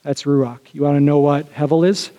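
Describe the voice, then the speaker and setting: A man gives a sermon from the pulpit, speaking in a casual, conversational manner with lots of asides to his listeners. His voice sits a little high for a man. The sound carries a long reverb from a large hall. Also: fairly even intonation, moderate pace, warm tone. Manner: conversational, with frequent fillers and asides to the congregation. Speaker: pastor.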